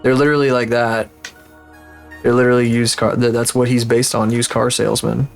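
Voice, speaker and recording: A man chatting casually on a livestream while he works, ranting and swearing often in an animated way. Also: mid-range voice, brisk, vocal fry, faint music behind. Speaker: streamer.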